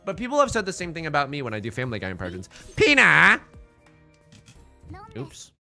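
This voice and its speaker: A man's voice: fairly high pitch, huge pitch swings, very fast, a bit bright, soft background music. A male streamer giving casual, joking commentary on his game and reading chat in a playful, self-mocking way.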